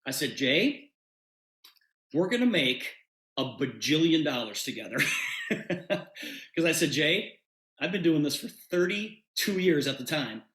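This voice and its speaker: A man pitching a business opportunity in a sales presentation tells a story, animatedly acting out both sides of a conversation. His voice is fairly high, his pace unhurried, with long pauses. The recording carries a roomy echo.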